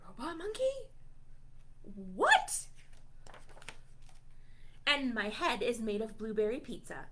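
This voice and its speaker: Woman, children's librarian, storytime read-aloud, high voice, slow unhurried delivery, playful and mock-outraged. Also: big pitch swings, fairly bright tone, slight background noise. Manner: playful, mock-indignant reactions to the text; talks to young children.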